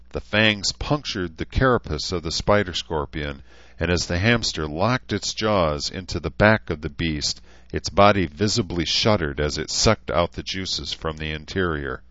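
A man reading a novel aloud as an audiobook narrator, steady and even. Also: low-pitched, no echo. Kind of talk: scripted narration. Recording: dull, lo-fi, dry.

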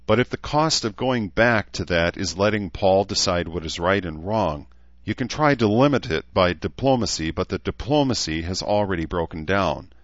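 A young woman laying out her argument in a steady, reasoned way, as a male narrator reads her. The voice is very deep, and the sound is dry and slightly muffled. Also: moderate pace, no echo.

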